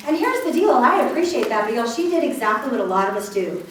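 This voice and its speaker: Animated woman in an echoey hall. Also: fairly high pitch, quick pace, few pauses. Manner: animated storytelling with frequent laughs and acted-out quotes. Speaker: keynote speaker. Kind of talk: humorous motivational talk to a live audience. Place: large hall with a live audience. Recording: echoey hall, distant mic, audience noise.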